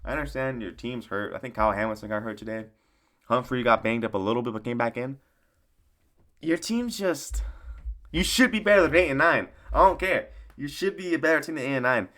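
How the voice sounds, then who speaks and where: A man's voice: medium pitch, lively intonation, brisk, a bit bright. A man giving a casual, profane sports recap rant in a rambling, mocking way, often laughing at his own jokes. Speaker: sports commentator.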